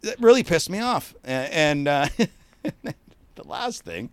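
A man's voice: fairly high pitch, takes it slowly, smooth, dry recording. A middle-aged Canadian man swearing constantly as he tells stories in a casual podcast chat. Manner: swears constantly, animated storytelling. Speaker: podcast co-host.

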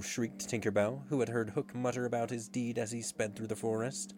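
A man narrating a storybook in a measured, expressive reading. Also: mid-range voice. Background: faint guitar music.

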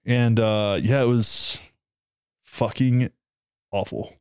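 A man's voice: medium pitch, fairly even intonation, takes it slowly, clear, resonant tone, no echo, studio quality. A young man and new father talking casually and emotionally, swearing as he tells a story. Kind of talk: casual conversation.

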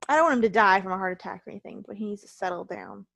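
A woman's voice: medium pitch, animated, very fast, creaky, a bit bright, no room sound. A tired, ill woman co-hosting a casual wrestling podcast, ranting heatedly and swearing a lot. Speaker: podcast co-host.

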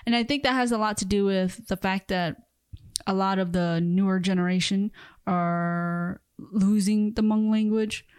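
Woman, slow talker, teasing, laughing often, dry sound. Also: medium pitch, steady tone, darkish tone, clear, resonant tone, no room sound. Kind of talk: casual chat.

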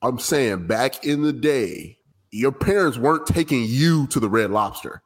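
A man's voice: medium pitch, expressive, unhurried. A playful man joking on a podcast, using plenty of slang. His voice bounces up and down as he talks. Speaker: podcast co-host. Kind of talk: casual chat.

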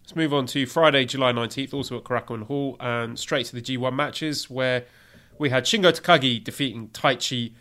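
A man's voice: mid-range voice, brisk, sharp tone. A man co-hosting a casual review podcast, leading the rundown with enthusiasm. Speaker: wrestling podcast co-host.

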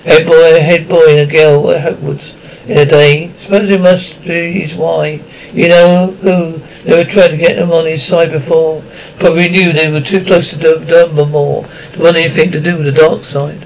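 A man voicing a huge, gruff but kindly male giant groundskeeper in an audiobook, speaking in a rambling, folksy way with halting restarts. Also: a little high, little pitch movement, slight background noise, close to an everyday voice, rough recording. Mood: grave. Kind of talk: audiobook character reading.

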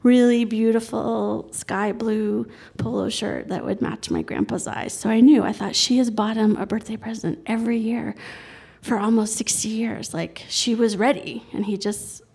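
A woman telling a personal story on stage, lively and acting out the voices of the people in it. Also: on the high side, normal speed, gravelly. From Colorado. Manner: lively, acts out the quoted voices.

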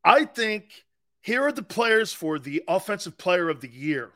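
A man's voice: high voice, sing-song, unhurried, a bit bright. A man hosting a sports talk show, delivering a brash, opinionated monologue that rambles and repeats its points.

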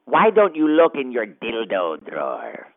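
A man's voice: medium pitch, wildly swooping pitch, a little slow, gravelly, no room sound, heavily acted. A man voicing a pompous, irate male gargoyle who rants theatrically as a crank caller over a phone line. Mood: ranting. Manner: theatrical, ranting, wildly swinging delivery. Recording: tinny dry phone line.

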